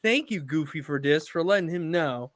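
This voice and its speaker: Lively, bright-voiced male stream host. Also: moderate pace, no room sound. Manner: animated, rising to high excited bursts. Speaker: tattoo artist and show host. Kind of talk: live stream critique chat.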